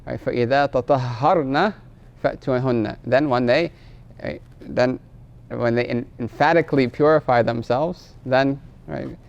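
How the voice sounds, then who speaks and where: Gravelly, smooth-voiced male religious teacher. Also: mid-range voice, steady tone, measured pace, few pauses, highs cut off. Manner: tags phrases with a questioning "right?"; explains patiently, quizzes the class. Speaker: teacher of Islamic law. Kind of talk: classroom lecture.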